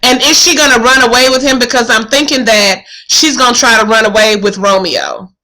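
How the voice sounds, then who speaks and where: A woman teacher walks through a play in a casual, questioning way, thinking aloud. Her voice is high and bright, and her tone is conversational rather than lecturing. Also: brisk, low-quality recording. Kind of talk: thinking-aloud literature lesson.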